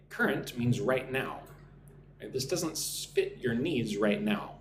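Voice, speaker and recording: A man's voice: mid-range voice, animated, takes it slowly. A man teaching English on a live stream, explaining business phrases step by step and greeting viewers in the chat. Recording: echoey room, faint background noise.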